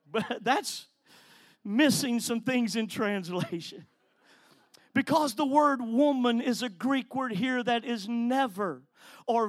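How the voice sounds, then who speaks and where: A male evangelist preaches with a very high voice for a man, telling stories with drama and building to loud, forceful declarations. The sound is dry and close, with little room around it. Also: no room sound. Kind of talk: sermon.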